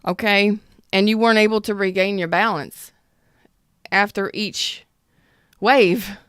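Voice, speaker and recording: A woman's voice: medium pitch, steady tone, a little slow, fairly bright tone, smooth, no echo, clean studio sound. A woman in her thirties giving a casual tarot reading, blunt and emphatic, swearing freely. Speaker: tarot reader.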